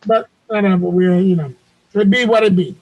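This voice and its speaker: A man hosting a show over a video call, telling a story in a loud, profane, animated way. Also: high-pitched, moderate pace, muffled recording. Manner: loud, profane, animated retelling with acted quotes. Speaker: podcast host.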